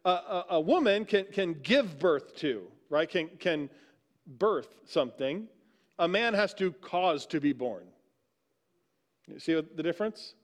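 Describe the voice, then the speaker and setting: High-voiced man preaching conversationally. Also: animated, unhurried. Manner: conversational preaching, frequent "right?" asides. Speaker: pastor. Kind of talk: sermon. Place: church sanctuary.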